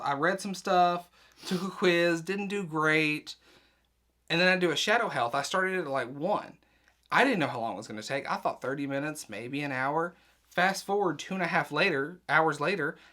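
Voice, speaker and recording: Young male vlogger, rambling storyteller, bright tone. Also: a little high. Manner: rambling storytelling, quick asides. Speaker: vlog host, nurse practitioner student. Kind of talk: casual chat.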